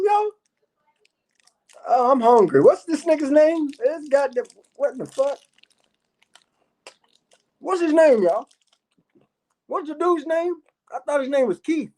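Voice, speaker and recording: A man's voice: very high-pitched, lively intonation, slow pace, long pauses, warm tone. A man hosting a livestream, talking in a rambling, profane way with laughing asides. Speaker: livestream host. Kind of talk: casual rambling livestream talk.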